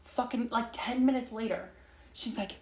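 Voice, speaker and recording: A woman's voice: a little high, fairly even intonation, moderate pace, slightly rough. A young woman hosting her own podcast, rambling casually from topic to topic and swearing a lot. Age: young adult. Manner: chatty, swears a lot, jumps between topics. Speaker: podcast host.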